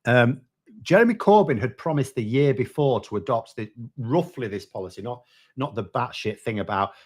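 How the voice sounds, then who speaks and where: A man's voice: mid-range voice, animated, normal speed. A man co-hosting a casual political chat show, blunt and sweary as he rants about party history.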